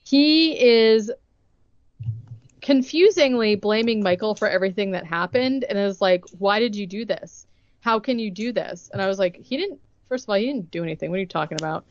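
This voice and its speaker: A young woman co-hosts a podcast, recapping a film in a loose, rambling way and acting out bits of dialogue between her fillers. Her voice sits at an ordinary pitch. The recording is dry and a little dull in its highs. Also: normal speed, dry recording. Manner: rambling retelling full of "like" and acted-out quotes. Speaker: podcast co-host recapping a movie. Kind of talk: casual chat.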